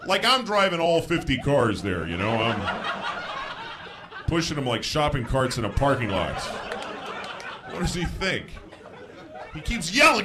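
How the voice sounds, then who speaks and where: A man doing a stand-up comedy set, telling stories in a dry, deadpan way that breaks into high shouted bits. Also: moderate pace, pauses often, noisy background. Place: live on stage before a laughing crowd. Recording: live show with audience laughter.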